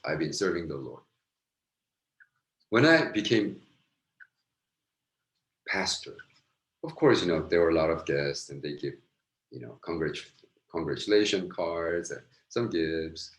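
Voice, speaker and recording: Deep-voiced pastor preaching. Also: male voice. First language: Korean. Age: middle-aged. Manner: animated, earnest, swings from loud emphasis to soft asides. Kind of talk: Bible lecture sermon. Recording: roomy echo.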